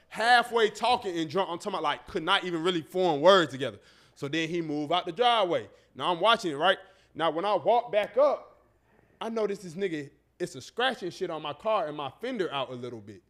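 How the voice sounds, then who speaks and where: A man's voice: a little high, fast. A man hosting a podcast, telling a story in casual, profane chat and acting out the people in it. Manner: animated, profane, acts out voices in his story. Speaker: podcast host.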